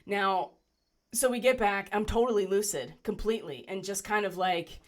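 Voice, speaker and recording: A woman telling a personal story in a conversational way, often checking in with "right?" and pausing with fillers. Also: medium pitch. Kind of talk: personal story told to camera.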